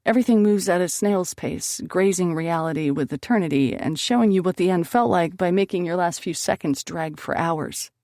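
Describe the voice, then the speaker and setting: A woman's voice: on the low side, normal speed, hardly any pauses, darkish tone, no room sound, studio quality. A woman narrating a first-person romance audiobook expressively, lifting her voice on emotional lines.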